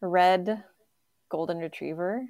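Slow-talking woman telling dog stories. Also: fairly low pitch, a little mellow, no echo, studio quality. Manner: chatty storyteller, uses "like" often. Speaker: podcast co-host. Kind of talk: casual chat.

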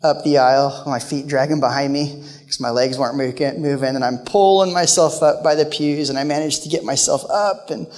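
Male guest preacher, emotional storyteller, voice sits a touch high, reverb from a big hall. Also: steady tone, moderate pace. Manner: storytelling, emotional, shifts between loud and hushed. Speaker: guest speaker. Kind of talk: sermon.

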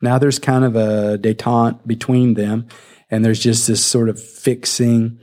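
A man preaching a sermon, retelling a scripture scene in a lively, storytelling way. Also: medium pitch, unhurried. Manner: animated storytelling, acting out the scene.

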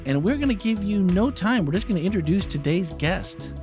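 A man's voice: sits high, brisk, over music. A man hosting a casual podcast, playful and chatty, welcoming a guest. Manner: animated, playful, jokes and mock voices. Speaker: podcast host.

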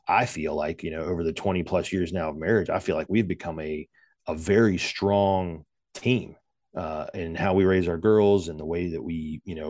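Very deep-voiced man, rambling and candid. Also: darkish tone, no room sound, studio quality. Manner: rambling, many fillers and restarts; self-deprecating humor. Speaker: podcast guest. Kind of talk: casual conversational interview.

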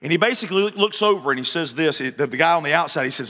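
A man's voice: fairly high pitch, lively intonation, quick pace, sharp tone, long reverb tail. A man preaching a sermon as pastor, telling stories animatedly, joking and repeating phrases for emphasis.

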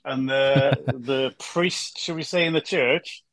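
Man, guest, chatty, joking storyteller, mid-pitched, dry close sound. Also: slow, no echo. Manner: chatty, jokey, animated storytelling. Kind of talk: casual interview chat.

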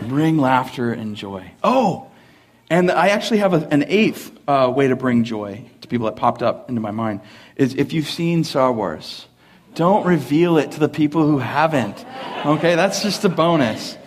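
A young adult man, a pastor, preaching a sermon at a church service, mixing lively family stories and laughter with earnest points. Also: on the high side, normal speed, slight background noise. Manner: animated, laughing storyteller who then turns earnest. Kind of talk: sermon with humorous storytelling.

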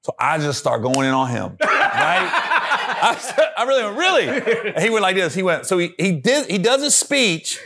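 A man spins a comic story in relaxed podcast chat. His voice sits a little high, and he slips into other people's voices and laughs through the punchlines. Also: moderate pace, creaky, heavy background noise. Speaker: comedian guest.

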